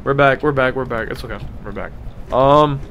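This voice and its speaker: A man's voice: medium pitch, fast, vocal fry, fairly bright tone, muffled recording, a little hiss or hum. A young man streaming a horror game, swearing a lot and calling everyone bro, yelping when scared and then muttering. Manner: jumpy, profane, says "bro" constantly. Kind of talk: live horror gameplay commentary.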